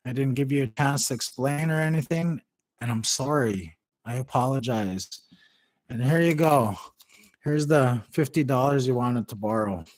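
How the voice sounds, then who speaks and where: A man's voice: medium pitch, normal speed, no room sound, close to an everyday voice. Man voicing an angry stressed-out dad. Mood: apologetic. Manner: yelling, indignant. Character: stressed working father, quick-tempered.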